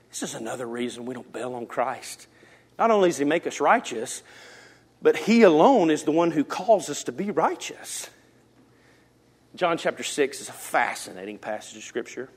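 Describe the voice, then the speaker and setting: A male pastor delivers a sermon in a church. His voice sits high and leaps all over its range. He swings between loud, emphatic lines and near-whispered ones. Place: church sanctuary.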